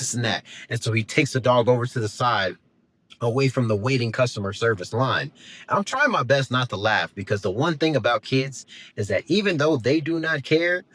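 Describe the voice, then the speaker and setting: Man telling a lively story. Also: mid-range voice. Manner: animated, acts out voices and laughs while telling a story. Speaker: podcast host. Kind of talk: storytelling anecdote, casual.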